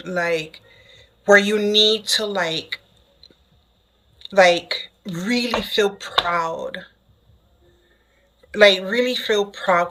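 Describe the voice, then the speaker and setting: A woman giving a casual spoken tarot reading to the viewer, excitable and chatty, who keeps checking in with "okay?". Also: mid-range voice, slight background noise, rough recording. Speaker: tarot reader.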